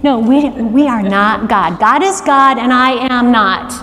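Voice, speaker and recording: A middle-aged woman preaching a sermon, animated and asking the congregation to call out answers. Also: fairly high pitch, measured pace. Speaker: worship arts director preaching. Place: church sanctuary. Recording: long reverb of a large church hall.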